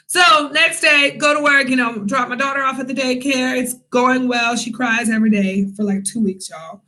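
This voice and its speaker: A young woman telling a casual storytime vlog, chatty and animated, with many fillers and asides to her viewers. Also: sits high, moderate pace, hardly any pauses, poor audio. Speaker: vlogger, English teacher in Korea.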